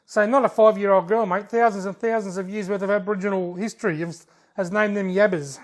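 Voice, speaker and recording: A man's voice: high voice, fairly even intonation, fairly quick. An Australian man hosting a fishing video channel, casually reading out viewer comments in a jokey, laid-back way and chuckling often.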